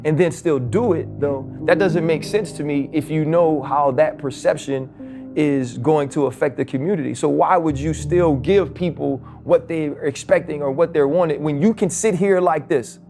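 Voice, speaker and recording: A man hosting a podcast interview, asking measured, probing questions. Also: fairly high pitch, music in the background. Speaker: interview host.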